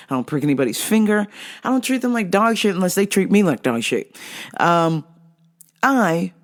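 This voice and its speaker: A woman podcast host telling a story in a casual, profane, exasperated rant. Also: fairly low pitch.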